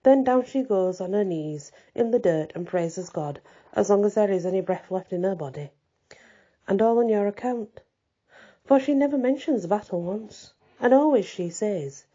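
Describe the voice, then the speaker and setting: An old peasant father frets and rambles on, circling back over the same worries, as a woman reader puts him on. The voice is very dark and husky. The sound is dull and lo-fi. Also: mid-range voice, lightly acted. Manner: rambling, repetitive telling.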